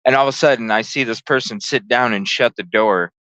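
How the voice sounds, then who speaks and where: Profane, animated male podcast host. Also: medium pitch, brisk, no echo. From lived in Chicago. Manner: animated, profane, acts out voices in the story. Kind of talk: casual storytelling.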